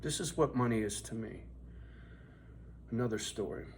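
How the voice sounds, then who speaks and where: A man's voice: mid-range voice, normal speed, darkish tone, a little hiss or hum. A man in his fifties telling a blunt, profane, streetwise story in a vlog, asking "right?" again and again. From US West Coast. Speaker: vlogger.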